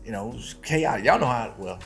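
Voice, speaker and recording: A man's voice: medium pitch, expressive, fast, vocal fry, over music. A man co-hosting a podcast, telling a personal story in casual chat with frequent laughs. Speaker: podcast co-host.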